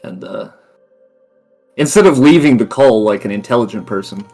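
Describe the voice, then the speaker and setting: A man's voice: on the low side, lively intonation, moderate pace, a little mellow, soft background music. A man chatting casually on a voice call with fellow tabletop players, rambling and laughing at himself. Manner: rambling, laughs often, self-mocking.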